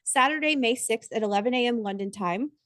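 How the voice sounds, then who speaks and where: A woman's voice: fairly high pitch, a little fast, a bit bright, no room sound. A woman co-hosting a podcast, talking in a chatty, earnest way with plenty of "like" fillers. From United States. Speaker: podcast co-host. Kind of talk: casual podcast chat.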